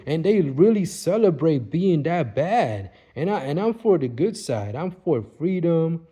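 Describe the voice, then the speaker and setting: A man's voice: on the high side, expressive, moderate pace, few pauses, mellow, lo-fi sound. A man talking in a casual, rambling monologue, repeating himself and often asking if the listener follows. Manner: rambling, repetitive, keeps asking "you see what I mean". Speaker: vlogger.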